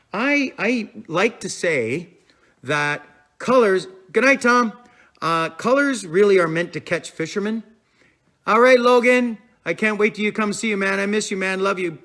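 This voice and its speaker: A man's voice: sits high, a bit bright. A man hosting a casual live stream about fishing tips, rambling easily and answering viewer comments as he goes. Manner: chatty and rambling, with fillers like "I'm telling you" and "man"; reads out and answers viewer comments as they come in.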